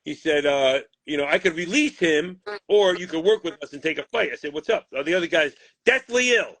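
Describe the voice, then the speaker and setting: A man's voice: on the high side, a little fast, no room sound. A man, a boxing manager, bluntly retelling a deal gone wrong with lots of swearing and quoted back-and-forth. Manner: profane, blunt, animated retelling with quoted voices. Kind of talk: heated storytelling interview.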